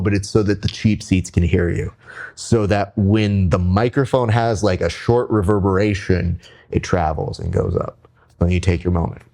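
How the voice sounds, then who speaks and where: A man who works as a speech coach, hosting and giving instructions in an animated chat. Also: on the low side.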